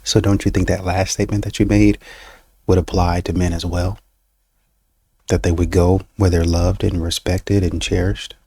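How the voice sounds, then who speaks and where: A man with a very low, gravelly voice answers a clip point by point, pressing it with questions. His tone is husky and a little rough, and the sound is close and dry with no room around it. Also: little pitch movement, moderate pace, mellow, dry recording. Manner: argumentative, questioning, mocks the other side. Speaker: reaction channel host. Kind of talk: commentary reacting to clips.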